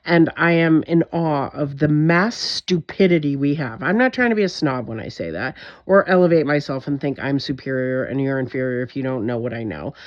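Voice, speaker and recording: A woman's voice: low voice, a little mellow. Intense, emphatic woman on a muffled recording. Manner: intense, emphatic, swearing, frustrated. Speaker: vlogger. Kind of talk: direct-to-camera monologue.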